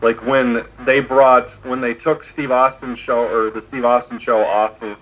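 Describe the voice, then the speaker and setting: Opinionated podcast co-host, rambling casual delivery, muffled lo-fi recording. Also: male voice, medium pitch, level tone, unhurried, a bit bright. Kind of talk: casual chat. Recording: dull lo-fi podcast audio.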